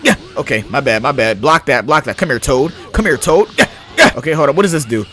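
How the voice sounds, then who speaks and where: A young adult man giving casual let's-play commentary, slangy and excitable, hyping and yelling at the game as he plays. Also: medium pitch, quick pace, slight background noise. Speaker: gaming YouTuber.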